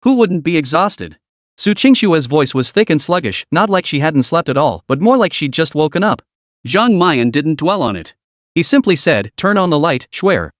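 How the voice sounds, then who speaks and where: A man giving a steady scripted narration of a comic story. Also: fairly high pitch, dry recording, studio quality.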